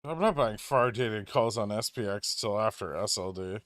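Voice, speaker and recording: A man's voice: on the low side, normal speed, a bit bright, no echo. Dry, offhand man on a livestream. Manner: offhand and wry, thinks aloud with restarts. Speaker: stock trading livestream host. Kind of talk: casual livestream chat answering viewer questions.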